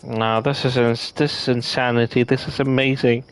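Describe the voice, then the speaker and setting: Sleepy excited male game streamer. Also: mid-range voice, moderate pace, smooth. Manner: excited, talks to himself while playing. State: tired and sleepy. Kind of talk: live game reaction commentary.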